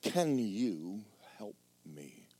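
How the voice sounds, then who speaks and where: A man voicing a small, lost young creature who pleads for help in a soft, halting voice while retelling a story in a sermon. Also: on the low side, sing-song, no echo, pitched below the performer's own voice, heavily acted. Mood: pleading.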